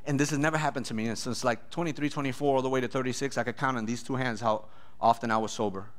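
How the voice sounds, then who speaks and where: A pastor telling his testimony in a sermon, animated, acting out voices and often laughing. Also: medium pitch, fast talker.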